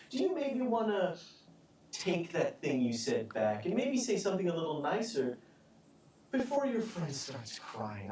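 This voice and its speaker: A man doing a menacing armored brute at a live tabletop show, his taunts swinging wildly up and down in pitch. The sound is distant and echoey, with an audience murmuring in the hall. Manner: sarcastic, drawn-out threats, sudden loud jumps. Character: brutal male thug in plate armor, mocking and menacing.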